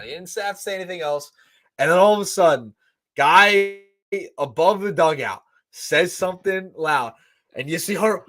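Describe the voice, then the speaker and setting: A man co-hosting a casual sports chat, excitable and repeating himself for emphasis. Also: high voice, normal speed, no room sound. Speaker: podcast co-host.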